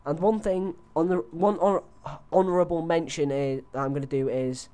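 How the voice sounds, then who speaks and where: A young man talks casually into a headset, rambling with frequent fillers and restarts. His voice sits somewhat high for a man. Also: steady tone, normal speed, dark tone. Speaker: host. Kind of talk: casual wrestling predictions chat.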